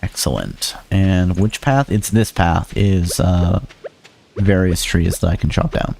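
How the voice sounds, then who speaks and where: A man's voice: sits low, expressive, slow pace, creaky, darkish tone, slight background noise. A man streaming a farming game, chatting to viewers in a goofy, rambling way with silly sing-song bits. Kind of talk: casual gameplay commentary.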